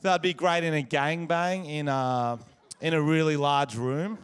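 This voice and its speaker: Brash Australian stand-up comic, slow drawl. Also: male voice, on the high side, steady tone, clean tone. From Wollongong, Australia. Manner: crude, brash banter. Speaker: stand-up comedian. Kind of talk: stand-up comedy with crowd work. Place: comedy stage before a live audience. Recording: live show with audience noise.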